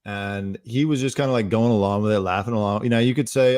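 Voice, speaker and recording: Male host, comedic news monologue, sarcastic and rambling, lower voice. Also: fast talker, hardly any pauses, darkish tone, clear, resonant tone, no echo, studio quality. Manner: rambling, sarcastic, self-correcting.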